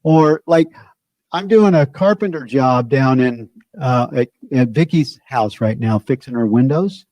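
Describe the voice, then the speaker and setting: A man's voice: medium pitch, a little mellow, no room sound. A man giving an informal spiritual teaching talk, conversational and searching, often circling back on his phrases.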